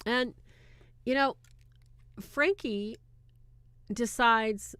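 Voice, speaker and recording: Speaking slowly in a medium-pitched, sing-song voice with no echo, a movie reviewer walks through a film scene by scene. She chats casually and acts out pieces of the dialogue.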